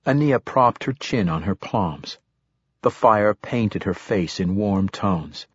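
A male audiobook narrator tells a first-person story in a measured, reflective, expressive way. His voice is deep and a bit husky, recorded close and dry with no room sound.

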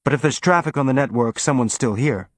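A man playing a spaceship captain giving brisk orders during a raid. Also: medium pitch, natural voice. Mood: commanding. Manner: brisk, commanding.

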